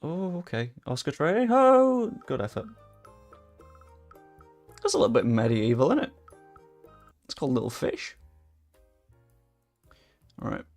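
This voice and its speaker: Gravelly man streaming a game. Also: medium pitch, sing-song, a little slow, long pauses. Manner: chatty, swears freely, reacts loudly to play. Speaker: livestreamer. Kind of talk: casual livestream commentary while playing. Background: faint background music.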